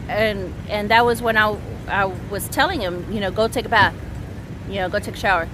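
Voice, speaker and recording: A woman in her thirties venting on a casual vlog, rambling and halting, swearing often. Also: medium pitch, noisy background. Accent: Southern US. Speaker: vlogger.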